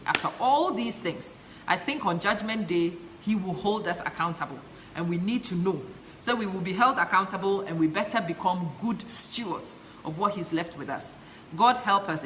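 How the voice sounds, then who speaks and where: A woman's voice: fairly low pitch, bright, forceful tone, a little hiss or hum. A woman from Ghana with a Ghanaian accent, passionately hosting a live stream, chatting and reading out viewer comments while mixing English and Twi. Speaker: live show host.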